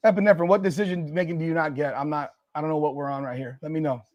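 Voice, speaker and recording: A man hosting a live watch party, reacting loudly and profanely to a football game and arguing with the chat. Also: on the high side, very fast, lo-fi sound. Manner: excitable, profane, argues with chat and the broadcast.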